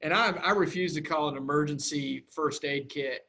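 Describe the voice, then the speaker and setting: A man with a slightly raised pitch chats on a podcast. He hesitates a lot and fills pauses with "uh" and "um". When he is teased, he defends himself. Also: pushed and bright, slight background noise. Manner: hesitant, many fillers, defensive. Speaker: podcast co-host. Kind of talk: casual chat.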